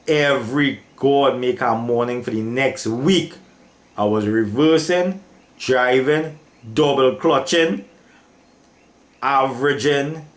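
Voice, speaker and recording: An older man with a Trinidadian accent recounts an emotional story from his working life, casual and repetitive, often calling the listener "boy." His voice is medium-pitched and the sound is roomy.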